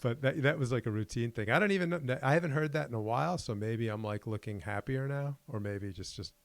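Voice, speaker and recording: A man's voice: mid-range voice, a little fast, vocal fry, no room sound. A man co-hosting a podcast, rambling casually and acting out quoted exchanges. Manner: rambling, laughs often, acts out quotes. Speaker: podcast co-host.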